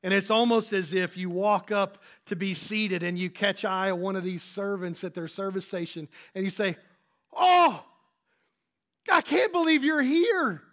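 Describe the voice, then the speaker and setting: A man's voice: sits high, little pitch movement, normal speed, hardly any pauses, a bit bright. A man pastor giving a conversational sermon, with frequent restarts and fillers.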